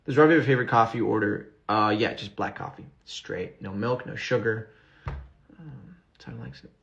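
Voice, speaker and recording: A man's voice: on the low side, expressive, normal speed, gravelly, fairly bright tone, lo-fi sound. A male actor casually reading out fan questions during a livestream and answering with fillers and restarts. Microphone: phone.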